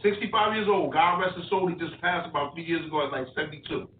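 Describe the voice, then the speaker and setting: A man's voice: fairly high pitch, fairly even intonation, quick pace, a little hiss or hum. Man, boxing coach, casual podcast talk, repetitive stories, echoey, distant, phone-like sound. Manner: repetitive, storytelling with stutters.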